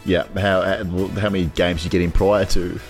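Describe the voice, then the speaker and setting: Young Aussie bloke, low voice, hamming up grave announcements in a podcast banter over faint music. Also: male voice, little pitch movement, a little fast. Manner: mock-solemn, theatrical announcements. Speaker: podcast co-host. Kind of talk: casual banter. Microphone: remote call recording.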